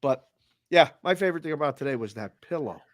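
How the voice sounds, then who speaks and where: Lively Boston man telling a story. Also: fairly high pitch, fast, no room sound, clean studio sound. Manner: animated storyteller who acts out both sides of a conversation. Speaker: co-host of a sports betting show. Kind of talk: casual chat.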